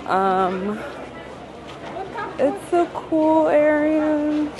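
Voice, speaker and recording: A woman's voice: sits high, animated, very slow, crowd noise. A young adult woman vlogging casually outdoors on a city street, chatty and often laughing. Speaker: travel vlogger. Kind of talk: casual vlog chat while walking outdoors. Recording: clear city street noise behind.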